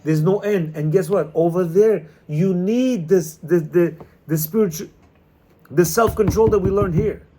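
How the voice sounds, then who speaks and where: A man's voice: high voice, unhurried, warm tone, a little hiss or hum. A man teaching a Torah class to students, emphatic and repetitive in his delivery. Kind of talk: animated class talk.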